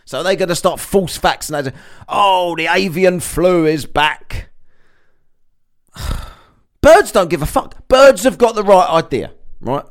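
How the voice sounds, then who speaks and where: A man's voice: sits high, lively intonation, a little slow, long pauses. A man delivering a sarcastic, sweary ranting monologue as a vlogger.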